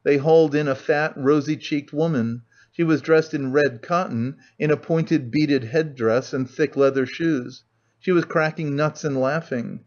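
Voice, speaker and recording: A man reading a classic novel aloud as an audiobook narrator, in a measured storytelling manner. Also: on the high side, steady tone. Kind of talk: scripted narration. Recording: muffled lo-fi audio.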